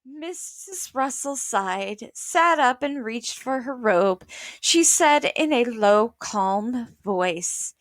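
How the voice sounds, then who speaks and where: A woman reading a children's book aloud in a slow, careful way, stopping to explain words for young listeners. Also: a little high, lively intonation, no echo, studio quality.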